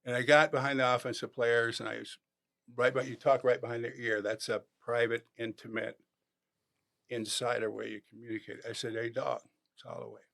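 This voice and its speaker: Animated storytelling older man. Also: medium pitch, moderate pace, creaky. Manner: animated anecdotes, acts out quoted voices. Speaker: podcast guest, former football player. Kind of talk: storytelling interview.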